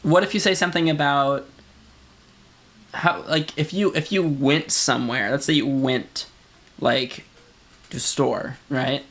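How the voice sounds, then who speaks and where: A man's voice: medium pitch, fairly even intonation, a little slow, pauses often, a bit bright. A man with a Michigan accent, co-hosting a podcast in casual chat, rambling with many restarts and acting out phrases. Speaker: podcast co-host.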